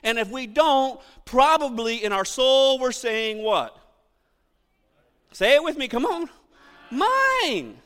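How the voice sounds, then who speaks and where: High-voiced man preaching in a hall. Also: measured pace, clean tone. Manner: animated, acts out quotes, shouts for emphasis. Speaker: pastor. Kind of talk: sermon.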